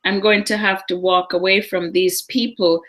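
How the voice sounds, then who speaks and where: A middle-aged woman co-hosting a live psychic talk show, telling personal stories in a lively, animated way. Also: medium pitch, moderate pace. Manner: storytelling, animated, acts out voices in anecdotes. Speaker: psychic co-host. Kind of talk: casual chat on a live show.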